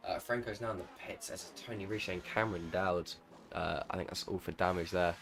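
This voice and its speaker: Excited male sim racing commentator. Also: low-pitched, fairly quick, vocal fry, a little hiss or hum. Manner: excitable race calls, self-correcting. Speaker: lead commentator.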